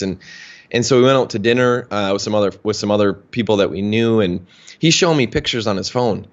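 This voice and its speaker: Speaking fast in a lowish voice, a health practitioner casually recounts a long personal tale during an interview, chatty, anecdotal, and packed with fillers. The recording is muffled.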